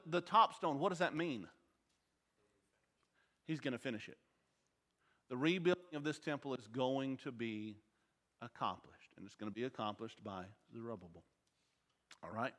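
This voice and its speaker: Bright-voiced man teaching a Bible class. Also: on the high side, moderate pace, pauses often. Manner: quizzes the class with questions. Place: church auditorium. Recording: long hall reverb.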